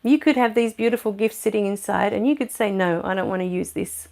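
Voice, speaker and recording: A middle-aged woman with an Australian accent, hosting a spiritual livestream. She chats and laughs with her viewers, then slows into a soothing guided meditation, speaking into a computer microphone at home. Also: mid-range voice, gravelly, darkish tone. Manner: slow soothing meditation guidance. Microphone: new USB microphone at a computer.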